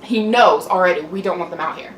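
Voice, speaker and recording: A young adult woman doing a mukbang vlog chats and vents, aggravated, with frequent swearing and "like." Her voice is lowish and fairly quick, and the recording has roomy echo, a distant mic, and faint hum.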